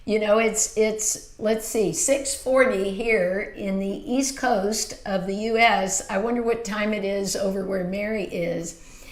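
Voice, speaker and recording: A woman's voice: mid-range voice, steady tone, takes it slowly, echoey room. A woman in her fifties hosting a casual beauty livestream from a small home filming room, gushing and chatty as she reads viewer comments. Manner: warm, gushing and chatty, with frequent exclamations.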